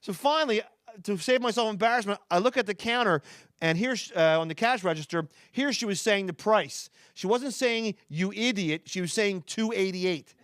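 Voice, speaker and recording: Onstage for a stand-up set, the Philadelphia man rambles rapidly, restarting and aside-ing to the audience. His high voice is a bit bright, and there's no room sound.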